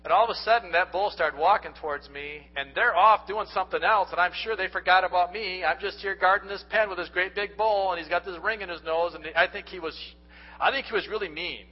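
A man with a high voice delivers a sermon fairly quickly, earnestly speaking directly to the people in the pews. He leans on folksy storytelling, and the recording sounds dull and low-fidelity.

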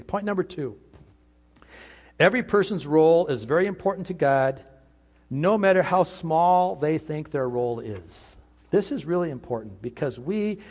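Husky-voiced pastor guy preaching, earnest, acts out little voices. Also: fairly high pitch, darkish tone. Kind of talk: sermon.

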